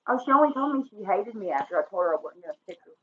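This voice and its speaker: Brief: woman co-host, mid-pitched, loose rambling chat, phone-like sound. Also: sing-song, rapid-fire, a little hiss or hum. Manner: rambling, filler-heavy and loose. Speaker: co-host, mother. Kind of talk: casual livestream chat. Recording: tinny phone-like audio.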